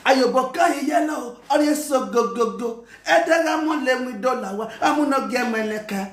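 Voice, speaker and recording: A Nigerian man with an Edo accent hosting an online talk show, ranting with insults, mocking chants and shouts. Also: very high voice, expressive, moderate pace, roomy sound. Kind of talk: ranting commentary.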